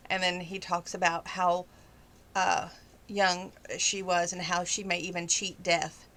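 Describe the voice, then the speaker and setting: A woman's voice: on the low side, flat delivery, unhurried, fairly bright tone. Chatty woman rambling eagerly. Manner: rambling, eager retelling with restarts. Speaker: vlogger. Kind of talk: casual chat.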